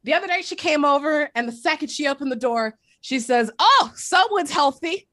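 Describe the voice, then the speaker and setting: A young woman from East Oakland doing a stand-up set over a video call, with a crisp announcer-like voice and deadpan delivery. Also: high voice, fairly quick, dry recording, studio quality. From East Oakland, California. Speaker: stand-up comedian.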